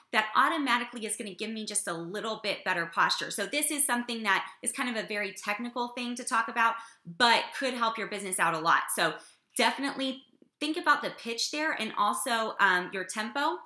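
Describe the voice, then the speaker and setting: A woman giving an energetic business coaching talk to her team, often checking in with "okay?". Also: a little high, a little fast. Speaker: business trainer. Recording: echoey room.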